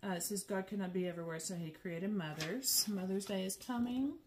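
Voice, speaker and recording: A woman's voice: medium pitch, fairly quick, slight background noise. A middle-aged woman, chatting casually and with animation as the host of her stitching vlog. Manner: chatty and animated, laughs often, says "girl" and "y'all". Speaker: flosstube host.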